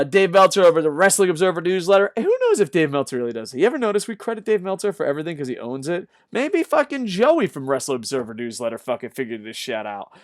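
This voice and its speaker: A man hosts a combat sports news talk with a lively, swooping delivery and a slightly high voice. He rants and jokes with lots of swearing. The sound is close and dry. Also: no echo. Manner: profane, jokey and animated; mocks others with quick put-on voices. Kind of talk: casual news commentary rant.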